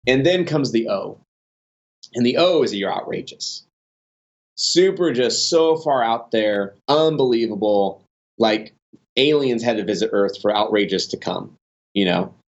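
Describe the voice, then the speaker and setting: A man's voice: medium pitch, a little slow. A man telling his business stories on a podcast, loose and rambling, often backing up and restarting his sentences. His voice sits in a middling range. The recording sounds a bit dull and lo-fi. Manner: rambling, many restarts and fillers, animated in stories. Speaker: podcast guest, online business owner. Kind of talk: casual conversational storytelling.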